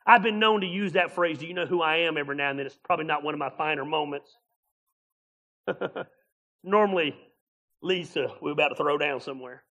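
A man preaches with a high, bright voice. His sermon is folksy and animated, full of laughter, and he acts out little scenes as he goes. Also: brisk. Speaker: pastor.

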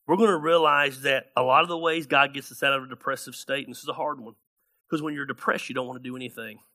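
A man preaching a sermon as pastor, animated and acting out the people in his Bible stories. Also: mid-range voice, fast talker.

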